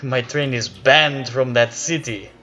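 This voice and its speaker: A man's voice: medium pitch, unhurried, bright, forceful tone, soft background music. A man voicing a flustered, formal train conductor in a tabletop game. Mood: worried. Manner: fretful, formal.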